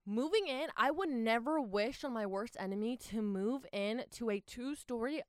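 A young woman from Southern California talking casually to her viewers in a rambling, animated vlog with lots of fillers and restarts. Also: a little high, normal speed, clear, resonant tone, no echo, studio quality. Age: young adult. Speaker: vlogger.

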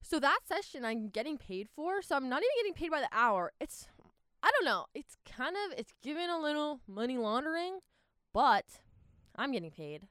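A young woman from Southern California talking casually to her viewers in a rambling, animated vlog with lots of fillers and restarts. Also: high-pitched, normal speed, dry recording, clean studio sound. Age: young adult. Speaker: vlogger.

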